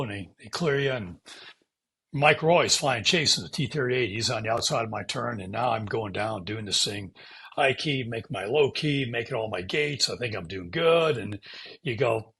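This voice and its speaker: This older American man, a former fighter pilot, speaks at medium pitch with vocal fry and a slightly rough, somewhat bright tone. He's telling animated stories in an interview, mimicking radio calls and brake hisses, with casual swearing.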